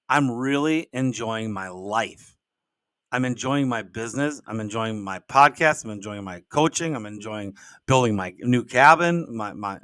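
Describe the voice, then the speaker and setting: An older man with a bright, forceful voice, hosting a solo podcast. He tells stories casually and rambles in a folksy way, often restarting with repeated words. The sound is dry and close, with little room in it. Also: fairly high pitch, no room sound. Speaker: podcast host and business coach.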